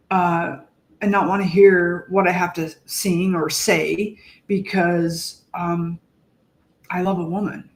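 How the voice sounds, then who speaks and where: Woman, podcast co-host, casual heartfelt talk, halting, searching for words, mid-pitched, echoey room. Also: darkish tone.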